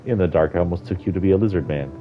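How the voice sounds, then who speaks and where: A man voicing a gruff, menacing old woodsman who growls and demands, over dull lo-fi stream audio. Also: low voice, very fast, close to an everyday voice.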